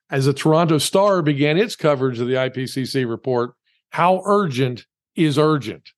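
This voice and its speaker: A man reading a scripted podcast commentary in a wry, emphatic way, with sarcastic asides. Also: fairly high pitch.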